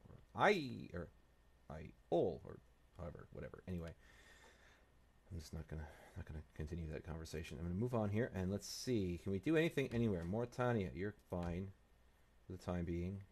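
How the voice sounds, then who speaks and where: A man's voice: low voice, lively intonation, a little fast, a little mellow. A man hosting a strategy game playthrough, thinking aloud and muttering to himself and the game as he plays. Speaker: let's play host.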